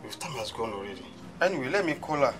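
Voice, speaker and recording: An actor playing a calm, reassuring man who looks after a lost child in a gospel film. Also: mid-range voice, fast, faint music behind. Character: kindly grown man looking after a lost little girl. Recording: distant voice on set.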